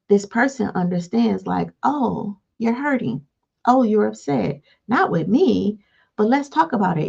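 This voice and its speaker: Woman, gravelly voice, motivational life-coach talk, dull lo-fi recording. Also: mid-range voice. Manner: repeats "all right" between points, acts out calm replies. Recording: dull lo-fi sound.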